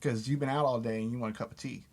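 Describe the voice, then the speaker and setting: A man's voice: mid-range voice, steady tone, very fast. A man, co-hosting a casual podcast, joking around and swearing a lot. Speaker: podcast co-host. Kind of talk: casual banter.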